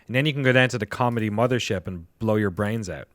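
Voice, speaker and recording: A man's voice: fairly low pitch, fast, no room sound. A man co-hosting a podcast in a joking, playful way. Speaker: podcast co-host. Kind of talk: casual podcast banter.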